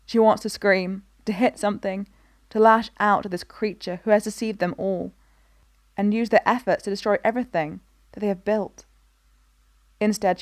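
A woman reading a story aloud in an even, measured narration. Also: mid-range voice, dry recording, clean studio sound. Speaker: reader. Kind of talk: scripted narration of a fan story.

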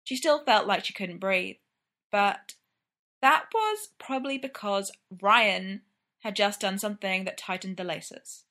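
A woman reading fiction aloud in a measured, even storytelling manner. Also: mid-range voice. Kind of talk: audiobook fiction narration.

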